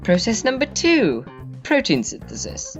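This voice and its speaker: A man voicing a gruff, rude male teacher who lectures curtly and hurls insults. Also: huge pitch swings, measured pace, full character voice. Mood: lecturing. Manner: deep, curt, insulting, lecturing. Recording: dull lo-fi audio with faint music.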